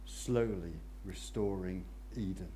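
A man preaching a sermon, swinging between loud excitement and hushed intensity. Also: sits low, slow, slight background noise.

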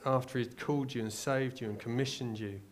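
A man's voice: mid-range voice, fairly even intonation, brisk, a little hiss or hum. A man with an English accent preaching a sermon in a conversational, searching way, retelling a story and asking the listeners rhetorical questions. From England.

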